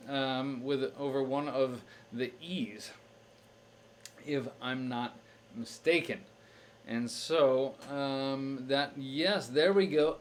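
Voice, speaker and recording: A man's voice: mid-range voice, a little hiss or hum. A young man on a live stream, thinking aloud through a crossword with many fillers and restarts. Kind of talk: casual live-stream chat.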